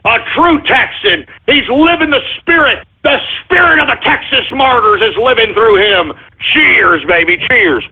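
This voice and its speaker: In a tinny, phone-like radio sound, a man with a very high, slightly rough voice delivers a heavily acted parody talk radio rant, speaking a little slowly with few pauses. He plays a blustering, foul-mouthed Texan host who rants, curses and stumbles over his words with drunk-sounding bravado.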